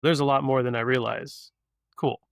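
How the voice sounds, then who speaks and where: Man, podcast host, gravelly voice, reflective chat, dry sound. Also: mid-range voice, fairly even intonation, normal speed, no room sound.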